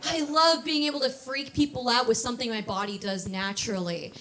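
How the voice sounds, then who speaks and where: A woman's voice: a little high, fairly quick, fairly bright tone, some chatter behind, slight background noise. A woman in her thirties doing a brash stand-up comedy set on a club stage, laughing at her own jokes. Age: 30s.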